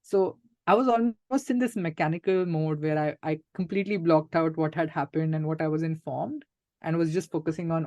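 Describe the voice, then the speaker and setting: A man's voice: fairly high pitch, fairly even intonation, a little fast, a little mellow, no room sound, studio quality. A man, a guest speaking candidly and reflectively in an interview, with frequent fillers. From India. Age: 30s. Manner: reflective and matter-of-fact, many "like" and "uh" fillers.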